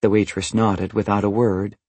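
A man narrating a first-person novel in an even, understated, matter-of-fact way. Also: fairly low pitch, normal speed, breathy edge, no room sound. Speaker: audiobook narrator.

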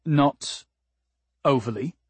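A man's voice: medium pitch, slow pace, darkish tone, slightly rough, no echo. A man voicing a flustered human man who stammers and answers awkwardly, in an audiobook. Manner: hesitant, stammering. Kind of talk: audiobook character voice.

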